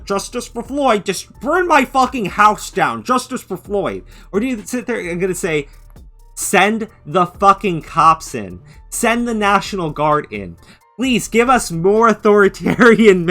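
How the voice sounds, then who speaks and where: A man's voice: a little high, sharp tone. A man hosting an angry reaction commentary, ranting with heavy profanity and mocking others in put-on voices. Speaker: commentary channel host.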